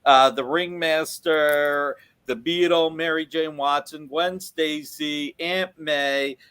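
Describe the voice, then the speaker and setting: A man dealing in comic art, giving an enthusiastic, rambling sales pitch in casual talk. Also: fairly even intonation, takes it slowly, a bit bright, clear, resonant tone.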